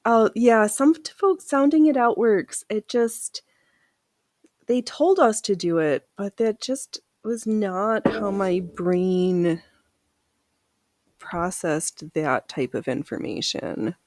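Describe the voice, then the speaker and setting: A woman's voice: mid-range voice, slow, a little mellow, no echo. A woman hosting a casual live sewing stream. She laughs often and reads viewer comments aloud as she works. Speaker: livestream host.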